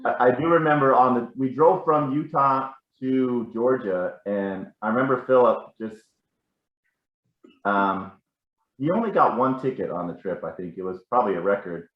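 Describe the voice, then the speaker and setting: A man's voice: medium pitch, moderate pace, reverberant, dull audio. A man telling rambling, self-correcting stories about a family member at a casual gathering. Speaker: family member sharing memories.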